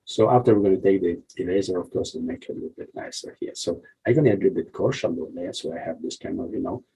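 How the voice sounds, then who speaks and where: Man, husky dark voice, rambling tutorial instructor. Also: quick pace, poor audio. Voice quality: deep gravelly husky voice. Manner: rambling, frequent "yeah?" and "you see" checks. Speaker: art instructor. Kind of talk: drawing tutorial walkthrough.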